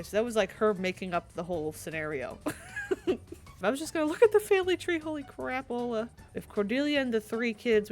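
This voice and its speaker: A woman streaming a life-sim game, talking casually and giggling as she reads captions aloud with playful asides. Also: a little high. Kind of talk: casual gameplay commentary with read-aloud captions.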